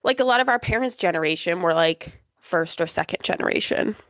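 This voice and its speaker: A woman co-hosting a podcast in relaxed casual chat, mostly agreeing and adding quick comments. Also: on the low side, no echo. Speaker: podcast co-host.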